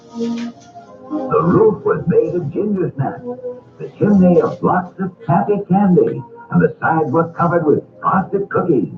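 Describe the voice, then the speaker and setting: A man narrating a storybook cartoon, reading aloud in a measured, expressive way. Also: a little high, reverberant. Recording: tinny old record with music.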